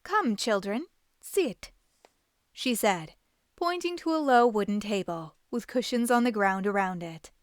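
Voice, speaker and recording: Animated woman reading a children's story. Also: mid-range voice, normal speed, clean tone, dry recording, clean studio sound. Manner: animated, expressive. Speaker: host and storybook reader.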